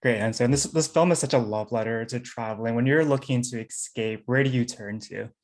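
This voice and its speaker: Interviewer, brief, encouraging, middle pitch, plain delivery. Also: fairly quick, darkish tone. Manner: brief, encouraging, asks short questions. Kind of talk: interview questions.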